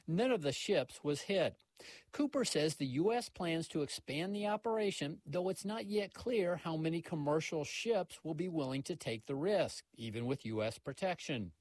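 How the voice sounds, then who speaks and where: A man files a news report with a lively cadence. His pitch moves a lot and sits slightly high, recorded close and dry. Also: no echo.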